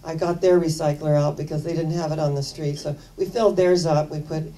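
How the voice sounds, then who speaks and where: An older woman minister preaching in a low, mellow voice. She tells personal stories in an earnest, chatty way and leans on repeated phrases for emphasis. Her voice sounds distant, well off the microphone. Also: steady tone, a little fast. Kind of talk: sermon with personal storytelling.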